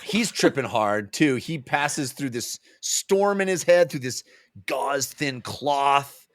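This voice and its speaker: A man's voice: mid-range voice, lively intonation, slow. A man co-hosting a book-club podcast, chatting casually, laughing often and slipping into goofy character voices. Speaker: podcast co-host.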